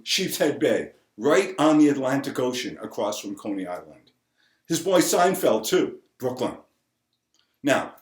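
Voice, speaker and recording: A man's voice: mid-range voice, roomy sound. A man delivering a sarcastic comic monologue, ranting through rhetorical questions. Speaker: comedian.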